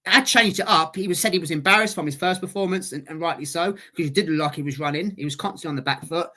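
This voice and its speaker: A man co-hosting a casual boxing podcast, chatty and halting, often repeating words as he talks. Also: a little high, pushed and bright. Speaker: podcast co-host.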